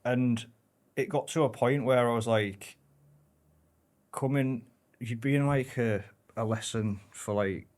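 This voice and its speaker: A man, a podcast guest talking casually in a relaxed, rambling way, correcting himself and swearing now and then. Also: medium pitch, measured pace, long pauses. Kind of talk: casual chat.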